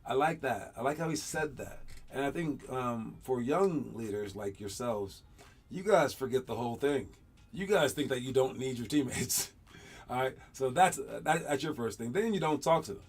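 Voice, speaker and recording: A man hosting a basketball show, talking casually over game clips and coaching young players in an animated, rambling way with frequent laughs. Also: mid-range voice, moderate pace, slightly rough.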